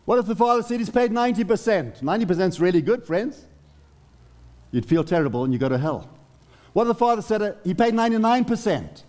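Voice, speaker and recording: A man's voice: sits high, lively intonation, fast talker, darkish tone. A man preaching a sermon in an earnest, conversational way, asking the congregation rhetorical questions.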